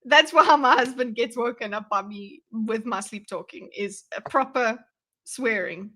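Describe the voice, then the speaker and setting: A woman hosting a casual livestream panel with a bright, slightly high voice. She laughs often and swears without a second thought, talking loosely over her streaming mic. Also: unhurried. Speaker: streamer host.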